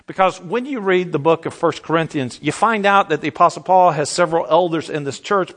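Male pastor, middle-aged, sermon, high voice, lively swooping delivery, repeats himself, asks the crowd questions. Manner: animated, repetitive, asks the audience questions.

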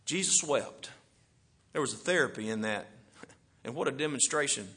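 A middle-aged man preaching a sermon, swinging from loud bursts to hushed asides. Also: medium pitch, lively intonation, moderate pace, husky.

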